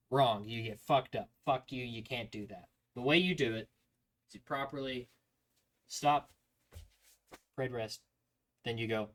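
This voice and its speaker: Profane, animated male streamer. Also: medium pitch, a little slow, pauses often. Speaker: streamer recalling army basic training. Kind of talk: casual stream chat.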